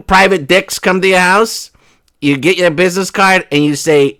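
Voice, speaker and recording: A man's voice: high-pitched, lively intonation, pushed and bright, no room sound. A man hosting casual reaction commentary, joking and acting out little bits of dialogue as he talks. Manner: joking, acts out dialogue in quick bursts. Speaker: commentary host.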